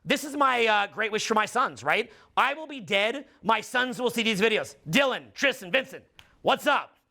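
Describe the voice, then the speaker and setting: A middle-aged man with a high, gravelly voice and a bright, forceful edge. He preaches an intense motivational monologue, swearing freely and drawing his words out slowly when he wants them to land. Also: expressive. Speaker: dating and social skills coach.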